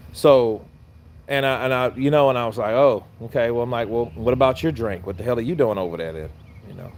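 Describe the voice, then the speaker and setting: A man's voice: medium pitch, a little mellow, slight background noise. A man telling a personal story in a casual, profane, rambling rant, full of restarts and quoted back-and-forth dialogue. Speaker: commentator.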